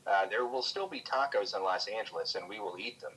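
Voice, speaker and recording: This guest comedian is a man whose fairly low voice has a husky, fairly bright tone, captured on a low-quality recording. Chatting casually over a call, he's frank and profane, often breaking off and starting his sentences over.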